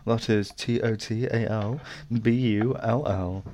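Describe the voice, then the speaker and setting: A man's voice: on the low side, fairly even intonation, measured pace. An eighteen-year-old man from England co-hosting a casual podcast, teasing with dry sarcastic jabs. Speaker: podcast co-host. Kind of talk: casual chat.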